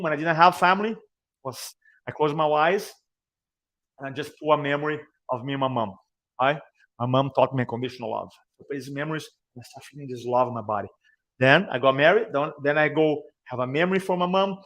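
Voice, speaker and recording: A man in his forties, a speaking coach, giving an energetic, emphatic motivational seminar talk full of repetition. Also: on the high side.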